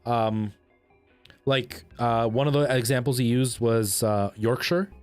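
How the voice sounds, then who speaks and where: A rambling, chatty man talks his way through a game livestream at an everyday middle pitch. He restarts his sentences often and bursts out when the game surprises him. Faint music plays underneath. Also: slow pace, smooth. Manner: rambling, chatty, with frequent restarts and excited outbursts. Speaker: game streamer. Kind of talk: casual livestream chat while playing.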